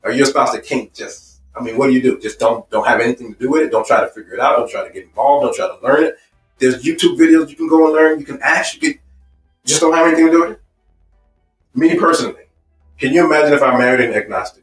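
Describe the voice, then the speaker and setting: A fast-talking man with a medium-pitched voice leads a marriage seminar, his words echoing around the seminar room. The mic sits at a distance and faint music plays behind as he stacks phrases emphatically and repetitively, using personal stories to make his points.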